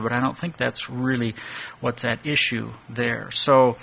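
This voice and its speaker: A man's voice: medium pitch, bright, forceful tone. A middle-aged man giving an expository Bible teaching, thinking aloud and posing rhetorical questions.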